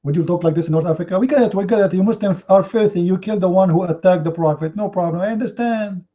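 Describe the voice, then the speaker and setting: Mocking, high-voiced male debate host. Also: fast talker. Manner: confrontational, mocking, rhetorical questions; non-native English grammar. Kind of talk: heated live online debate. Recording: slightly muffled online stream audio.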